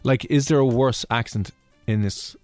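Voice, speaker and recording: A man's voice: medium pitch, moderate pace, no room sound, faint music behind. A young Irish man hosting a radio show, chatting casually and teasing his co-host. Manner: teasing, playful, animated. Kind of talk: casual chat.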